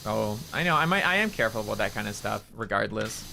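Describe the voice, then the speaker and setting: A man's voice: on the low side, animated, fast talker, vocal fry, sharp tone, slight background noise. A man streaming a game, chatting casually in a rambling, candid way and swearing freely. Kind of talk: casual chat while gaming.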